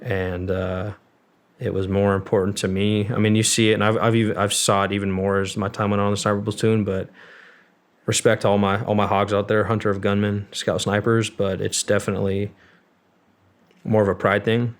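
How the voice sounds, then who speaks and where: A young man with a somewhat low voice, talking as a guest on a long-form interview show. He tells his story candidly and loosely, full of "like" and "um," with casual swearing. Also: little pitch movement, fairly quick. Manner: rambling and candid, with fillers and swearing. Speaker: guest, former Marine.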